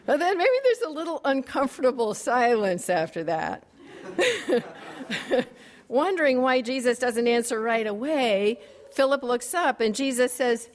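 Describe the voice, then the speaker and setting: Slow-speaking woman preacher in a reverberant chapel. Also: on the high side, lively intonation. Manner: measured, wry and gently humorous, with soft laughs. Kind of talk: sermon.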